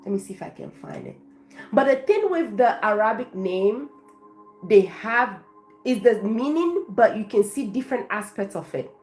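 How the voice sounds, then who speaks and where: A woman's voice: fairly high pitch, big pitch swings, normal speed, a little mellow, soft background music. A woman from Africa, a life coach, chatting effusively on a live stream and thanking her viewers by name.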